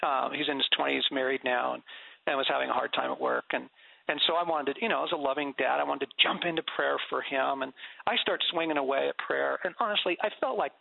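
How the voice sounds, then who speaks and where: A man's voice: mid-range voice, fast, creaky, no echo. A middle-aged man talking animatedly about prayer as an interview guest, telling stories and laughing often. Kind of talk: conversational faith interview. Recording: dry, phone-like radio sound.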